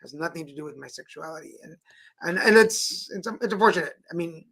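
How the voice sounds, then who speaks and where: Bright, animated host man. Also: fairly high pitch, brisk, vocal fry, husky. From Texas. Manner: animated, playful storyteller. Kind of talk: casual live-stream chat.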